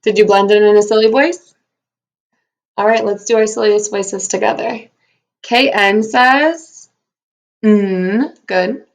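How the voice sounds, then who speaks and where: Upbeat woman teaching young kids. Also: mid-range voice. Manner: upbeat, encouraging, speaks slowly and clearly to young kids; sounds out letters and syllables deliberately. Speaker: first grade teacher. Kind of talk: recorded video phonics lesson for children.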